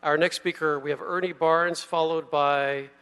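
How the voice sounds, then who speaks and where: A man's voice: a little high, fairly even intonation, moderate pace, fairly bright tone, clear, resonant tone. A man chairing a council meeting, calling speakers with dry, wry remarks. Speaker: committee chair. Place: council chambers. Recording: long hall reverb in a council chamber.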